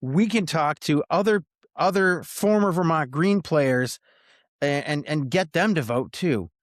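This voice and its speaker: A man's voice: a little high, unhurried, dry recording, studio quality. A man co-hosting a soccer podcast in casual chat, joking and given to mock-grand rants. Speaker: podcast co-host.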